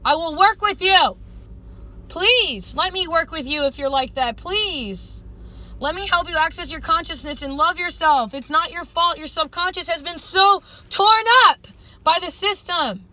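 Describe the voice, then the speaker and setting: High, bright-voiced woman rambling earnestly. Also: measured pace, poor audio. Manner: earnest, pleading, stream-of-consciousness. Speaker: vlogger. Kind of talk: rambling spiritual vlog monologue.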